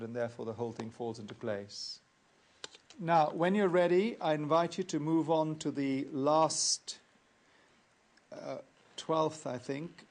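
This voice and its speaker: A man teaching accounting in a recorded lecture, explaining worked examples in a measured, methodical way and repeating key points. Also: a little high, a little mellow. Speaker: accounting tutor.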